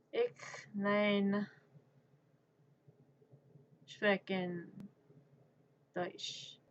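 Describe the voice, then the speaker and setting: Woman streaming, talks slow and rambles, jokes at herself, kinda muffled lo-fi sound. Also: medium pitch, slight background noise. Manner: rambling, self-mocking, laughs at herself. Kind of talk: casual chat. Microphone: streaming microphone.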